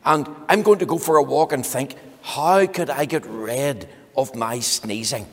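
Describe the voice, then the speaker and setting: A man's voice: medium pitch, unhurried. A man voicing a fed-up grown man plagued by sneezing, in a children's storybook reading. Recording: long hall reverb.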